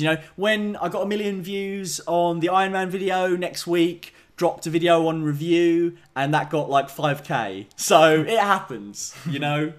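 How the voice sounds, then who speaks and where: A man hosts a casual podcast chat with a slightly raised voice. He tells stories with lots of laughter and animation, plugging his channels between jokes. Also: on the high side. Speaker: podcast host.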